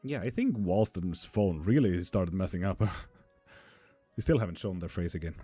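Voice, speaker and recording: A man's voice: sits low, normal speed, mellow, soft background music. A man reading tarot on a live stream, chatting casually with viewers, calling them honey and swearing freely.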